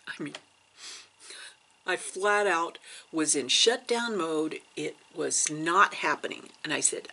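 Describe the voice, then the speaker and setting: A woman vlogger telling a story in a casual, animated way, dropping to hushed asides for drama. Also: on the low side, unhurried, husky. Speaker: cross stitch vlogger.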